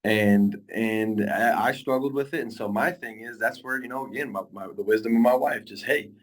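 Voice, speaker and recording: Earnest low-voiced football coach. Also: male voice, normal speed. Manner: earnest, rambling, many restarts. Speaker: high school football coach. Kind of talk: casual interview talk.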